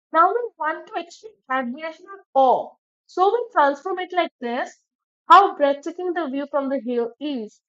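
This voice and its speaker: A woman with a high, light voice teaches an English grammar lesson. She explains each rule step by step and checks in with her viewers as she goes. The recording sounds dull and lo-fi. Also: a bit bright.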